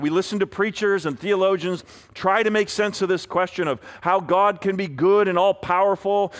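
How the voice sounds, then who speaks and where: Male pastor preaching a sermon, earnest delivery, voice a touch high. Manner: earnest preaching, voicing prayers in a pleading tone.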